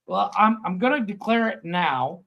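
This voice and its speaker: A man's voice: high-pitched, lively intonation, moderate pace, vocal fry, highs cut off, a loud crowd. A man co-hosting a comedy podcast over a video call, swearing freely and bragging. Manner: profane, boastful. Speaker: podcast co-host. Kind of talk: casual comedy podcast banter. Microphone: video call mic.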